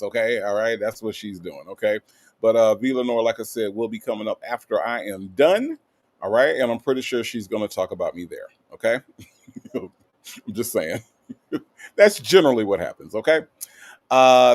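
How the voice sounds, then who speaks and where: A man's voice: mid-range voice, no echo. A man from the American South, hosting a livestream in a casual, upbeat way and greeting viewers by name with playful asides. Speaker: livestream host. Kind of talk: casual chat reading live comments.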